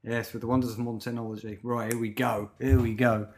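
A man's voice: medium pitch, little pitch movement, quick pace, darkish tone. A man co-hosting a comedy podcast, teasing and sweary, with theatrical sign-offs. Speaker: podcast co-host. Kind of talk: casual comedy chat.

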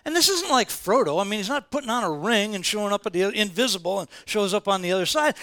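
A man preaching a sermon, retelling scenes in a lively, casual storytelling way and acting out the quoted voices with slang. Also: sits high, quick pace, hardly any pauses. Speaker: pastor.

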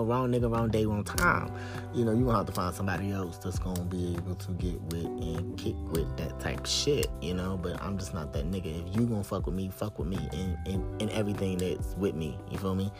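Young man with a low voice and AAVE, venting blunt and heated with soft music behind. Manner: blunt, profane, heated, rising to exasperated highs. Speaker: podcast host. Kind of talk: venting monologue.

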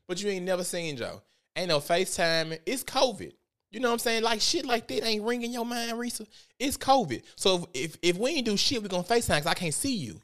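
A man giving casual commentary on a vlog, animated and profane as he tells a story. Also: high voice. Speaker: vlogger.

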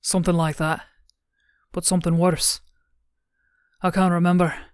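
A woman voicing a frightened young man who has lost his memory, speaking in halting, stammering bursts in an audiobook. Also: on the low side, level tone, clean tone, dry recording, lightly acted. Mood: fearful.

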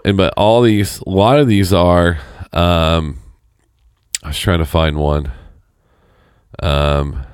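A man's voice: deep voice, smooth, no echo, clean studio sound. A man in his thirties on a casual podcast, telling stories and acting out quotes. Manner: storytelling, acts out quotes. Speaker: podcast co-host.

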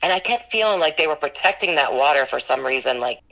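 A woman's voice: deep voice, expressive, fast, creaky, fairly bright tone, low-quality recording. A woman who runs a ghost tour business, earnestly recounting her paranormal experiences in an interview and rambling with lots of "like" and "you know".

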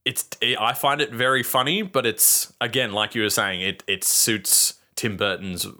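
A man's voice: fairly low pitch, moderate pace, pushed and bright. A man co-hosting a casual film podcast, talking in a rambling, sweary way with many restarts. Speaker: podcast co-host, film reviewer. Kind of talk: casual chat.

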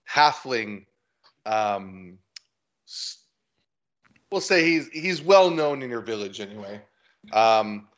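A man's voice: mid-range voice, a bit bright. A man playing a tabletop game, casual and playful, laughing often. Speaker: player. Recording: dull lo-fi audio.

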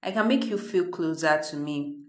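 A woman's voice: low voice, normal speed. A Nigerian woman hosting her own podcast, talking in a chatty, freewheeling, unedited monologue from her parents' home. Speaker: podcast host.

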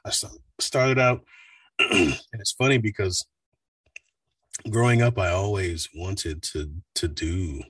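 Brief: man, voice actor in a casual interview, low husky voice, laid-back storyteller. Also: takes it slowly, no echo, recorded from a distance. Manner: relaxed, rambling storyteller with fillers. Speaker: voice actor guest.

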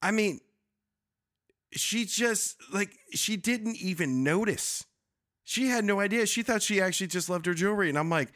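A man's voice: high voice, normal speed, fairly bright tone. A man co-hosting a podcast, telling a story in casual chat and acting out the voices of people he quotes. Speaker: podcast co-host.

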